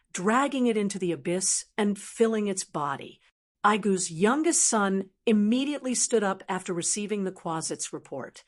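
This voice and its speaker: A woman narrating a translated fantasy novel as an audiobook in a steady, even reading voice. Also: mid-range voice. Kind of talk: scripted narration.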